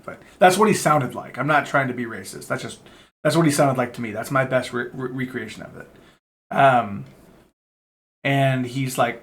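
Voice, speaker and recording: A young man talks straight to his viewers in a loose, meandering vlog chat. His voice sits at an ordinary middle pitch, and he drifts between thoughts with plenty of fillers and the odd curse. His delivery stays candid and unpolished. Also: a bit bright. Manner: rambling and candid, sprinkled with swearing and fillers. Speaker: vlogger. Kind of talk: casual chat to camera.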